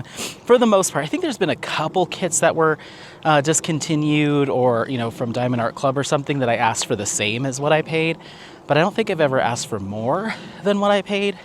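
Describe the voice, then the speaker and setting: A man chats casually into the camera while out on a walk, rambling from one point to the next and laughing easily. His voice sits at an ordinary middle pitch. Faint noise from the outdoors hums underneath. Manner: rambling, chatty, laughs often. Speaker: vlogger. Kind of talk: casual walk-and-talk vlog.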